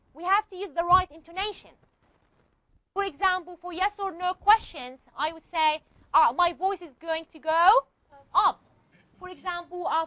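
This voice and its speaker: A woman's voice: very high-pitched, bright, forceful tone, no echo. A woman teaching a university linguistics class in a classroom, explaining step by step and checking in with her students. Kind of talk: classroom lecture. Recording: slightly muffled lo-fi recording.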